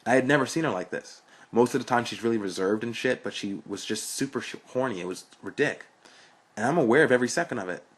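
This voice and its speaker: A man's voice: medium pitch, animated, fast, breathy edge. A young man reading a story aloud in a frank, blunt, profane way. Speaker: narrator.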